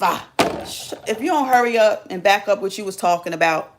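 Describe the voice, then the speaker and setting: A woman's voice: medium pitch, expressive, brisk, noisy background. A woman hosting a live stream, talking casually to her viewers in a sassy, teasing, slangy way.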